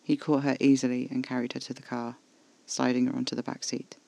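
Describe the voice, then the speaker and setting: Give me a man with a gravelly tone narrating a horror story, measured and level. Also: mid-range voice, completely flat delivery, darkish tone, no room sound, low-quality recording. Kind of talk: scripted first-person horror narration.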